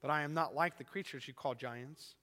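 Preacher putting on a huge gentle lion, lower than his own bright voice, slow and weighty, in a reverberant hall. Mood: solemn. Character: vast solemn male lion, gentle and commanding.

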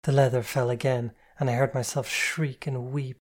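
A reader giving a soft-spoken, even, first-person narration of a novel. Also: medium pitch, moderate pace. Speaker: audiobook reader.

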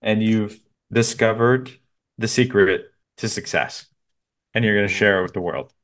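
A man's voice: fairly low pitch, a little slow, fairly bright tone. A man co-hosting a podcast in casual comedic banter, laid-back, setting up bits and laughing often. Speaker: podcast co-host.

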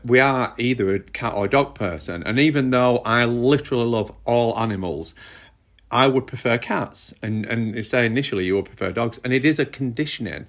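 A man's voice: medium pitch, brisk. A middle-aged man with a northern English accent, co-hosting a casual chat and talking in a rambling, conversational way with restarts. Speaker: podcast co-host.

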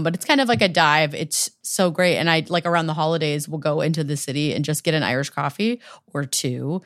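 A woman's voice: on the low side, no room sound, clean studio sound. A woman co-hosting a food podcast, chatting and giggling with her friend. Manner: giggly, animated. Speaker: podcast co-host. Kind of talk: casual chat.

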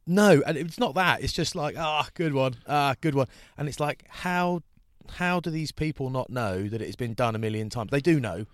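A man's voice: mid-range voice, normal speed, no echo, clean studio sound. A man chatting casually on a podcast, rambling through a story and mimicking the people who tease him. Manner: chatty, rambling, does mocking voices for hecklers. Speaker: rugby broadcaster and podcast co-host. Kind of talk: casual chat.

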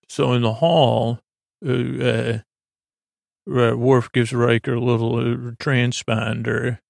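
A man ambles through a sleepy retelling of an episode, circling back and tripping over his own sentences. His delivery stays level, with a gravelly texture. It sounds close and dry, with no room around it. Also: mid-range voice, darkish tone, no room sound. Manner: meandering, loose retelling with many fillers and restarts. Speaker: podcast host. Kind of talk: rambling episode recap for sleep.

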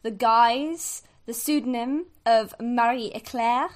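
Give me a giggly, lively woman chatting as a guest player on a tabletop podcast. Her voice runs a bit high and bounces around as she talks. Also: slow pace. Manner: animated and giggly, leaping in pitch. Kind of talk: casual tabletop podcast chat.

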